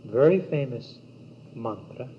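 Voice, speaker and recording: A man giving a yoga teaching talk in a slow, measured, meditative way, with long pauses between words. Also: mid-range voice, animated. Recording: dull old cassette tape with faint hiss.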